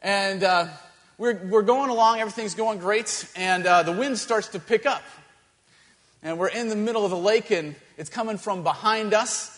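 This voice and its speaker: High-voiced pastor telling a story. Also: male voice, big-room sound. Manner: animated, halting storytelling with many restarts. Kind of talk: storytelling sermon.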